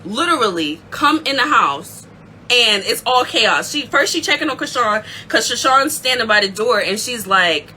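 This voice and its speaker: A woman hosting a casual recap show, telling the story in an excitable, animated way. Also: fairly high pitch, moderate pace, slight background noise, poor audio. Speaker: aftershow recap host.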